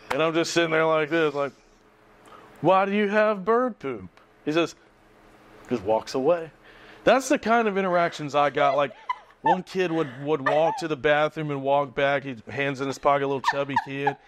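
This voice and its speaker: A man with a slightly raised voice trades stories in a casual podcast chat. He jokes in a dry, deadpan way, with faint noise behind him. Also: a little high, brisk. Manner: dry, joking. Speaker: podcast co-host, teacher.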